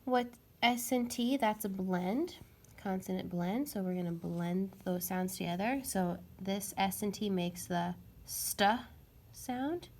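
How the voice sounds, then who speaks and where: A woman's voice: mid-range voice, takes it slowly. A woman teaching a phonics lesson to young children, patiently sounding out letters and words.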